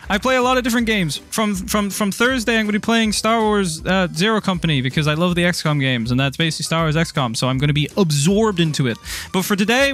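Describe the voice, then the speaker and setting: A high-pitched man from Ireland talks loosely through a live game stream. He rambles, gets excited, swears freely and stumbles over his words. Soft music plays faintly behind him. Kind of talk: casual live-stream chat while playing.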